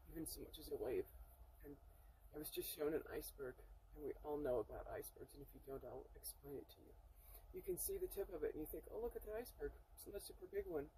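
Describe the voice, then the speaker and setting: A woman talking earnestly to the camera in a spiritual vlog from inside her camper, often halting and emotional. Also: lowish voice, dark tone, slight background noise, low-quality recording. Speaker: spiritual vlogger. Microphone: camera mic.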